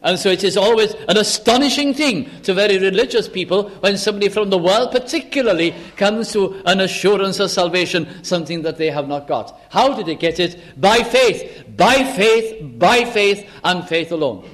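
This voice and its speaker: A man's voice: high-pitched, a little fast, hardly any pauses, a bit bright. A man preaching a sermon, who explains scripture and acts out little dialogues between characters.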